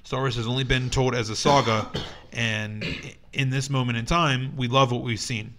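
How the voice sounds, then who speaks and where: A man's voice: mid-range voice, fairly even intonation, moderate pace, fairly bright tone, a little hiss or hum. A young man co-hosting a podcast in casual chat, rambling with lots of fillers and restarts, and reading news aloud. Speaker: podcast co-host.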